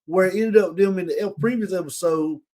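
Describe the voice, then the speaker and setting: A man with a somewhat high voice talks casually through a TV episode recap. He retells it with animation and briefly puts on the characters' lines as he goes. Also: brisk, dark tone. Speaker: podcast host.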